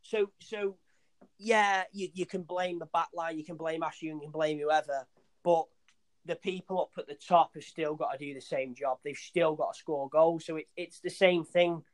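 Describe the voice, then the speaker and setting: A man's voice: on the high side, fairly even intonation, normal speed, no echo. Young man, rambling and sweary. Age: young adult. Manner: rambling, sweary, restarts often, says "mate". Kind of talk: casual football chat.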